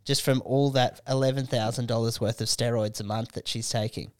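A man's voice: medium pitch, fairly even intonation, brisk, clear, resonant tone, no echo. A man hosting a podcast, telling crude stories with lots of swearing and laughter. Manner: storytelling, laughs at own jokes, swears. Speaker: podcast host. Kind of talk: crude casual banter.

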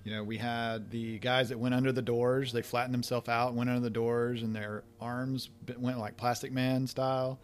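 A man's voice: medium pitch, flat delivery, moderate pace, hardly any pauses. A man hosting a podcast, chatting casually through an episode commentary, laughing often and restarting his sentences. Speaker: podcast host.

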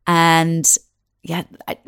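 A woman's voice: low voice, monotone, drawn-out words, a bit bright, smooth, dry recording, studio quality. A middle-aged woman from Scotland with a Glaswegian accent, chatting at length and a little self-deprecating as a presenter being interviewed. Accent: Glaswegian Scottish. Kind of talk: casual interview chat.

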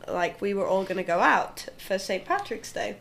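Woman in her 20s, podcast guest, chatty story with lots of laughs, medium pitch. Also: normal speed, gravelly, slight background noise. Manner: lively anecdote with frequent laughs. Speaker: guest, professional golfer. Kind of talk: casual storytelling.

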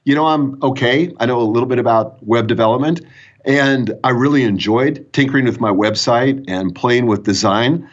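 Husky-voiced man telling business anecdotes. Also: mid-range voice, normal speed, highs cut off. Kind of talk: conversational storytelling.

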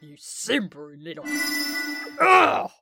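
A man's voice: high-pitched, wildly swooping pitch, slow pace, vocal fry, over music, exaggerated voice. An actor playing a smug, mocking male villain who draws out his gloating taunts in an audio drama.

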